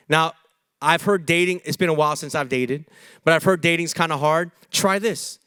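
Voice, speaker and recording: Young guy preaching in church, jokey, acts out little dialogues, dry sound, bouncy pitch. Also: big pitch swings, a little fast, a bit bright, clear, resonant tone, dry recording. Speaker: pastor. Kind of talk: sermon.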